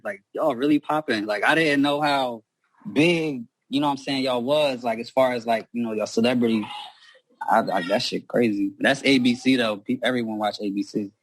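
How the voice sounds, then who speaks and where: A man's voice: mid-range voice, moderate pace, slight background noise. A young man in casual chat, telling stories in loose slang with lots of swearing. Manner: slangy, animated storytelling with profanity. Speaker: guest sibling.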